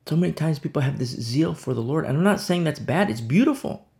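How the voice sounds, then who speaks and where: A man's voice: on the high side, animated, a little fast, gravelly, a little mellow. A man pastor giving a conversational sermon, stressing points through repetition.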